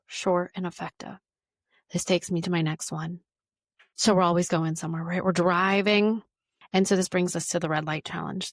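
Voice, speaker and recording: A woman's voice: fairly low pitch, no room sound, studio quality. A woman hosting a wellness podcast, talking casually and informally and repeating words for emphasis.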